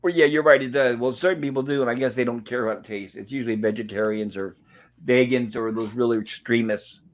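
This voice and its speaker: A man's voice: medium pitch, quick pace. A man hosting a casual livestream from his bedroom, chatting and recapping scenes with lots of "of course.". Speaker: livestream host reviewing an old sitcom. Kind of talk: casual live-stream chat. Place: home bedroom.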